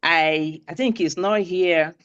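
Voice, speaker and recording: A woman's voice: lowish voice, slow pace, clear, resonant tone, lo-fi sound. A woman with an Owerri Igbo accent, a state administrator speaking earnestly and prayerfully at an online meeting.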